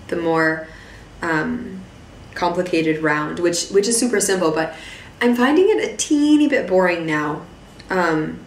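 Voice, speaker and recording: A woman hosting a podcast, chatting casually in a hoarse voice, rambling with many fillers and restarts. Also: fairly low pitch. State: hoarse from losing her voice. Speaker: podcast host. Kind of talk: casual chat. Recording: echoey room, voice a bit distant, faint noise.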